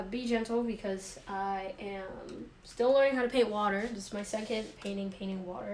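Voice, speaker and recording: A woman's voice: medium pitch, slight background noise. A young woman chatting idly to a live stream while she paints from a phone, rambling and joking at herself. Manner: rambling, self-mocking, talks to herself.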